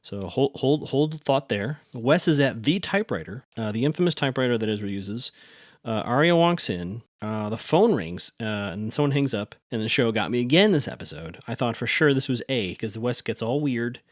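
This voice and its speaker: Man, podcast host, casual rambling recap, self-correcting, mid-pitched voice, dry close sound. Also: expressive, normal speed, no room sound.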